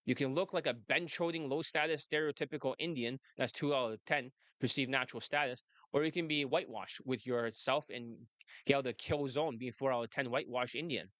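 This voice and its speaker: A man's voice: medium pitch, brisk, a bit bright, no room sound. A man coaching on dating, talking brashly and laughing often in casual chat. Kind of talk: casual monologue and phone call.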